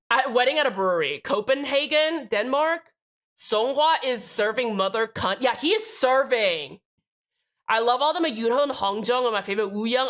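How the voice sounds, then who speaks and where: Young woman streamer, kinda high bright voice, rambly and sweary, keeps cutting herself off to answer chat. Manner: rambling, self-interrupting, swears freely, reads and answers chat. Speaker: livestreamer. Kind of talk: casual livestream chat while building a keyboard.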